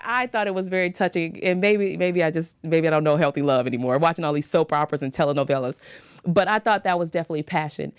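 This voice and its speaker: A young woman hosting a casual TV recap show, animated and dramatic, laughing often and talking straight to her viewers. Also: medium pitch, no room sound, studio quality.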